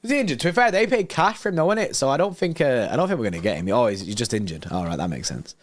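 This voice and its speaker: A man's voice: mid-range voice, racing, no echo. Young guy streaming footy news, slangy and hyped, dry close sound. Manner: excitable, slangy, reads news aloud and riffs. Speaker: football livestream host. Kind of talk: casual livestream chat reacting to news.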